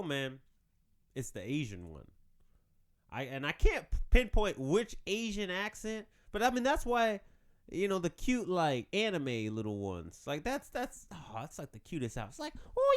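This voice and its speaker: Animated joking podcast host, a man. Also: fairly high pitch. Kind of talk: casual solo podcast chat.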